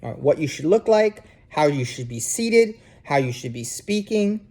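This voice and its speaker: A man's voice: fairly high pitch, very animated, unhurried, a little mellow. A man from New Jersey with a New Jersey accent, giving a casual recorded lecture to students from his couch at home, often checking in with "okay?" and filler "um"s. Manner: conversational, checks in with frequent "okay?" and "um". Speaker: instructor. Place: living room at home, sitting on a couch.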